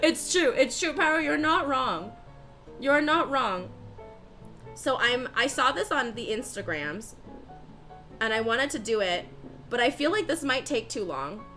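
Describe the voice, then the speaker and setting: A woman's voice: sits high, lively intonation, a little slow, long pauses, sharp tone. A young woman with a Californian accent, chatting casually with her live-stream viewers while she bakes. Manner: chatty, reads out chat names, bubbly. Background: faint music.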